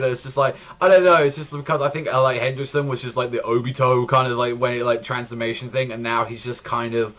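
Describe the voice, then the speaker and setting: A man giving a casual spoken manga chapter review, rambling with constant fillers and jumping up in pitch when excited. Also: fairly quick, hardly any pauses. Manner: rambling, heavy use of "like", frequent restarts.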